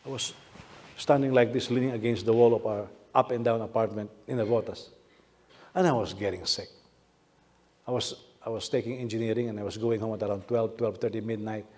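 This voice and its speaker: Preaching with animation, this male pastor from the Philippines leans heavily on repeated lines and rhetorical questions. He talks fairly quickly in a fairly low voice.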